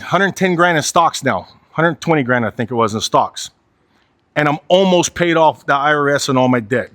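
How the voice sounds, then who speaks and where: A motivational speaker in his forties gives a candid talk, blunt and profane, hammering points home through repetition and a habitual "right?". His voice is a little high, pushed and bright, recorded in clean studio sound without echo.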